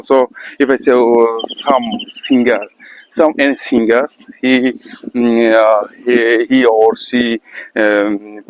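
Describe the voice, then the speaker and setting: Halting man with a Bengali accent. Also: medium pitch, slight background noise, rough recording. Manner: halting, many fillers and repeated restarts. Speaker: English learner vlogger. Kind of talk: casual monologue practicing spoken English.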